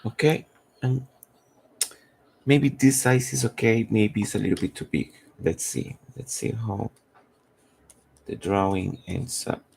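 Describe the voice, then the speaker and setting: A man, a comic artist who is losing his voice, thinking aloud in halting, rambling commentary while he draws on a live stream. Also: lowish voice, fairly even intonation, creaky, a little mellow, breathy edge.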